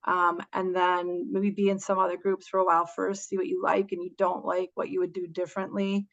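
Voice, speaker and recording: A woman's voice: on the low side, level tone, a little fast, lo-fi sound. A woman presenting on an online webinar, speaking hesitantly with many fillers and restarts over a video call. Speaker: guest presenter.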